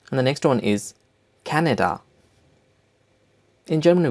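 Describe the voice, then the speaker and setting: A man teaching a language lesson, speaking slowly and deliberately and repeating each word for learners. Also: medium pitch, expressive, darkish tone. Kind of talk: slow spoken language lesson.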